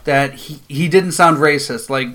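A woman with a notably low voice for her sex, chatting casually on a podcast. She chimes in with commentary and laughs often. Her speech is relaxed and conversational. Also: unhurried, a crowd in the background. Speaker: podcast co-host. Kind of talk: casual chat.

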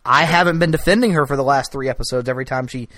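A man co-hosting a casual TV recap chat, arguing in a teasing, mock-formal, deliberate way. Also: mid-range voice, a bit bright, dry recording, studio quality. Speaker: podcast co-host.

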